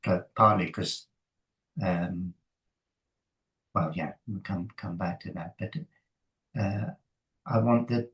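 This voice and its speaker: Slow, low-voiced man reflecting. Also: low-quality recording. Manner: thoughtful, halting, with frequent fillers and soft laughs. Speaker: triathlon coach, interview guest. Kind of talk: conversational interview.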